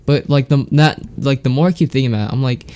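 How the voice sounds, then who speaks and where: A man's voice: medium pitch, fast, dark tone, clean tone. A teenage boy hosting a podcast alone, rambling in casual chat with lots of fillers and restarts, sounding congested from a sore throat. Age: teens. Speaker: podcast host. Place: home, alone.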